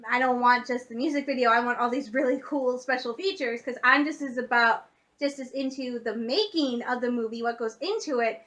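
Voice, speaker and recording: High bright excitable young woman vlogger. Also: a little fast. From Michigan. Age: young adult. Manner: excitable, gushing fan talk with many fillers. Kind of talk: casual vlog chat.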